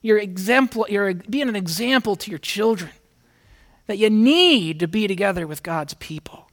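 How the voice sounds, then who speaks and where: A pastor with a notably high voice gives an earnest, conversational sermon. He talks straight to his congregation, then reads scripture aloud with rising emphasis. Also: expressive, normal speed, fairly bright tone.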